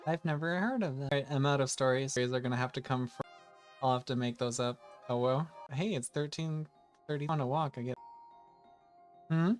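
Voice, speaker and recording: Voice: mid-range voice, a little fast, faint music behind. A streamer hosting a casual livestream, playful and jokey, catching their own swears.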